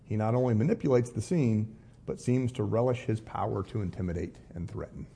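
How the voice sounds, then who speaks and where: A man's voice: lowish voice, brisk, vocal fry, dark tone, a little hiss or hum. A man, a pastor, leading a live Bible study class, reading scripture aloud and breaking off for wry, casual asides.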